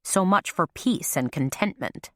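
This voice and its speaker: A woman narrates a mystery audiobook with a deep, low voice. Her even storytelling is recorded close on a studio mic in a dry, deadened space. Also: a little slow, dry recording. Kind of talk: scripted narration.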